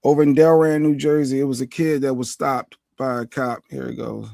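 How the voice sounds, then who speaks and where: A man's voice: mid-range voice, steady tone, a little fast, vocal fry, dark tone, no echo, studio quality. A man co-hosting a live stream, laid-back and jokey as he greets viewers and chats. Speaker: co-host. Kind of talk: casual live-stream chat.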